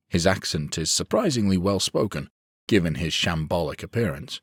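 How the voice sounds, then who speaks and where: Deep-voiced male audiobook narrator. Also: normal speed, fairly bright tone, breathy edge, no echo, studio quality. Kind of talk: first-person fantasy audiobook narration.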